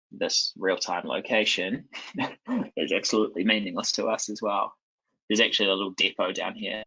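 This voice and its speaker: A man walks through a live software demo in a loose, chatty way, full of ums and restarts. His fairly low voice has a gravelly, husky edge but still sounds bright and forward. The recording is dull and lo-fi. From New Zealand. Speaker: conference presenter.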